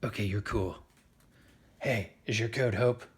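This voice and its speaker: A man voicing a tough, grim male killer T cell in a low, gruff hero growl. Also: a little slow, natural voice. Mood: curt.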